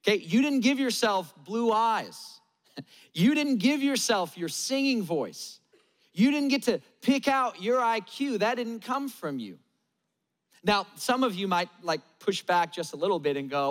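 A man's voice: high voice, expressive, a little slow, long reverb tail. A male pastor preaching a sermon in a conversational, emphatic style, with lots of repetition.

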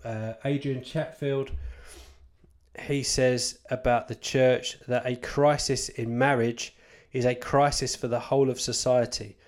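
A man's voice: medium pitch, a little mellow. A man, a Christian author, giving an informal talk about church life, rambling and candid with self-deprecating asides and emphatic repetition.

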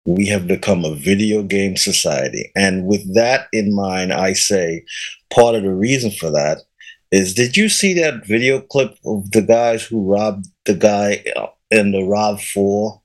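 A man co-hosting a podcast in casual chat, teasing and deadpan, often repeating his lines. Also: fairly low pitch, a little slow. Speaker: podcast co-host.

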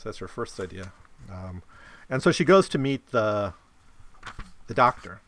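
A man's voice: fairly low pitch, animated, moderate pace, long pauses, fairly bright tone. A man giving a casual explanatory talk about a novel, often checking in with listeners by asking "right?". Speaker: lecturer on a novel.

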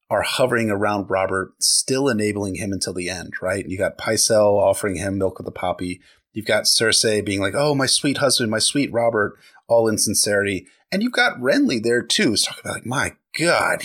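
Low-voiced, enthusiastic casual man. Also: fairly bright tone. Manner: enthusiastic, casual, swears freely, says "like" a lot. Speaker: podcast co-host. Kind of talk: casual book discussion.

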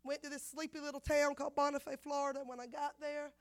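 A woman preaching a sermon, repeating phrases and acting out the voices in her story, swinging from loud to hushed. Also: sits high, little pitch movement, quick pace. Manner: dramatic swings of loudness, acts out quotes, repeats phrases.

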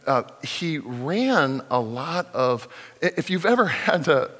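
A middle-aged man preaching a sermon as pastor, in a conversational, animated storytelling manner. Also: on the high side, slow pace. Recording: long reverb of a large hall.

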